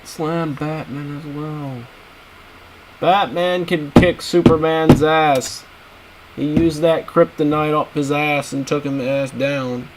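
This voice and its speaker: A man's voice: fairly high pitch, fairly even intonation, slow, slight background noise, rough recording. A man streaming, ranting bluntly and crudely in a casual, repetitive way.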